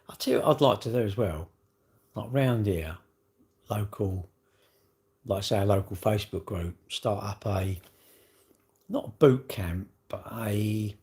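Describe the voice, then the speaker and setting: A man's voice: lowish voice, darkish tone. A middle-aged English man chatting casually on his own livestream, rambling and full of tag questions. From England. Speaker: livestream host.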